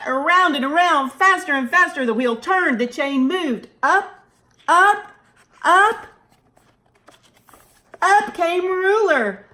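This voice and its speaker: A woman reading a picture book aloud to children, animated and expressive. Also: high voice. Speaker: storytime reader.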